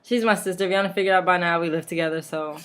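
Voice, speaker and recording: Recapping wrestling in a casual home vlog, a woman rambles and chats, laughing often and adding mocking asides. She speaks very fast in a voice on the low side, steady in tone and fairly bright.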